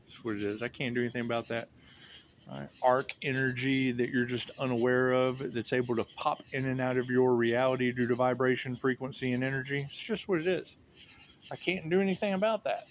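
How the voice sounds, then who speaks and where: A man's voice: medium pitch, a little fast, a little hiss or hum. A man giving a rambling, sardonic and profane monologue as a tarot reader, often repeating himself.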